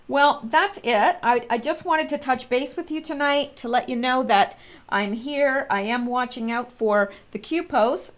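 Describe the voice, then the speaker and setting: Woman vlogging to her viewers, kinda high-pitched, chatty and earnest, lots of ums. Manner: chatty, earnest, many fillers and restarts. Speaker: vlogger commenting on politics. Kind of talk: casual spoken commentary to viewers.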